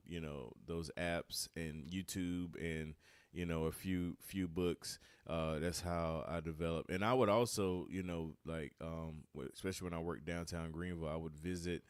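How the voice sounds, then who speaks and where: A man talking casually as a podcast guest, relaxed and repeating words as he gathers his thoughts. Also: sits low, smooth, no echo. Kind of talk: casual conversational interview.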